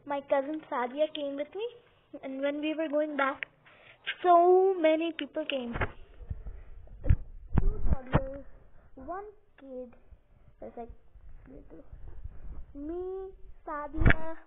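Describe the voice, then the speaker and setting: Unhurried and high-voiced, this young gaming video host giggles and rambles through casual game commentary from her couch at home. The lo-fi, phone-like sound has faint hiss, coming from a phone or computer mic her hand sometimes covers.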